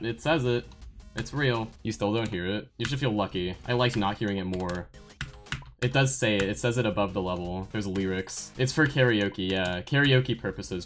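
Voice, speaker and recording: A young woman streaming a game, talking to her chat, scolding herself and yelling when she fails, with faint game music behind her. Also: a bass voice. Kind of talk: live-stream gameplay commentary.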